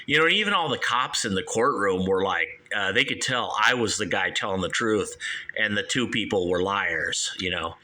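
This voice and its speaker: A man's voice: fairly low pitch, expressive, normal speed, bright, forceful tone. A man hosting a call-in show, ranting heatedly and swearing.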